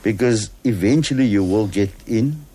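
A man's voice: lowish voice, moderate pace, dark tone, slightly rough. A man guest on a radio talk show, patiently explaining a process with examples and checking that listeners follow.

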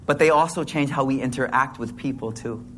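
A man's voice: medium pitch, fairly quick, a bit bright, slight background noise. A man preaching a sermon to a congregation in a hall, talking in a casual, slangy way with playful asides.

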